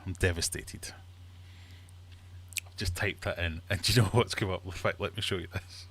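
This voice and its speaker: A man hosting a casual livestream from his fish room, chatty and quick to laugh while telling jokes. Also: low-pitched, fairly even intonation, a bit bright, breathy edge. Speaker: livestream host.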